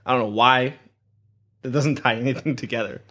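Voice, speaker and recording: A man's voice: medium pitch, steady tone, a little fast, sharp tone. A man co-hosting a podcast, laid-back and laughing often while recapping a film. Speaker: podcast co-host. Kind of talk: casual podcast chat.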